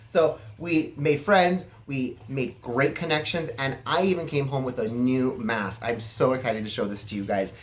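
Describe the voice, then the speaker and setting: A man from California giving a casual, self-assured vlog monologue, chatty and flamboyant in manner. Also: medium pitch. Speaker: political vlogger.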